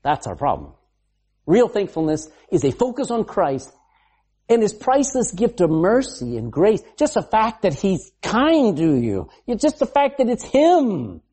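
Lively, husky-voiced preacher. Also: mid-range voice, a little slow. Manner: emphatic, rhetorical questions to the congregation; acts out quoted speech in varied voices. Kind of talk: sermon.

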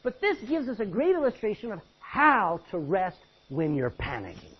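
Man, preaching, scripture reading with loud outbursts, husky, dull recording. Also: high voice, wildly swooping pitch, moderate pace. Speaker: pastor. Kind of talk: sermon. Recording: muffled lo-fi recording.

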